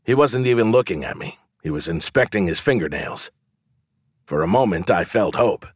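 Audiobook narrator, male, low-pitched, dry close sound, measured first-person storytelling. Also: expressive, husky, no room sound.

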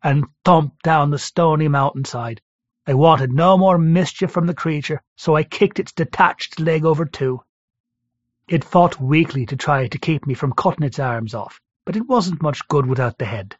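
A man's voice: fairly high pitch, dry recording. Man narrating in a dry, muffled recording. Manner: steady, measured storytelling. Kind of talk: first-person audiobook narration. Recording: dry, slightly dull recording.

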